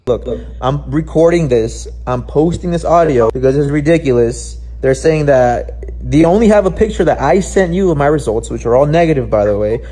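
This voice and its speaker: A man's voice: on the high side, lively intonation, moderate pace, dark tone. A man on a recorded phone call, insistently repeating his accusing questions and talking over the other person. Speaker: caller confronting a woman.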